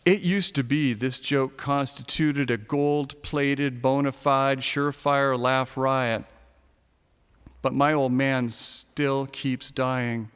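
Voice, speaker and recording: A man narrating a first-person short story in a sardonic, darkly comic way, now and then shouting a punchline. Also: medium pitch, fairly even intonation, takes it slowly, clean tone, big-room sound.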